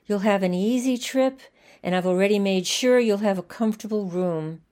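A woman voicing a kind, soft-spoken alien of unclear gender, in a gentle, soothing way. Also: mid-range voice, moderate pace, natural voice.

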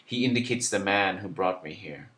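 A man reads a first-person literary story aloud. His voice sits somewhat low, and his delivery is measured and introspective. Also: fairly bright tone.

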